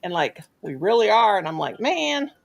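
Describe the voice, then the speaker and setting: A woman's voice: fairly low pitch, expressive, a little fast. Folksy woman. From Southwest Missouri. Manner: folksy storyteller, uses country sayings. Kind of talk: casual chat.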